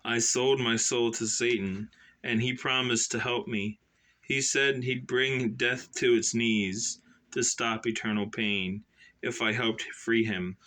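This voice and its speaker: An older, sinister grandmaster, voiced by a man reading his own novel, coaxes his former pupil in a fond voice that turns quietly menacing. The tone is bright and pointed. The delivery is unhurried. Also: medium pitch, fairly even intonation. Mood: coaxing. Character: older male emperor turned sinister grandmaster. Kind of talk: self-published novel read aloud.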